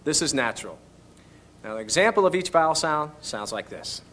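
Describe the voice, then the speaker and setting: A man's voice: on the high side, expressive, brisk, music in the background. A man teaching singing on an instructional video, patiently coaching each step. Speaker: vocal instructor.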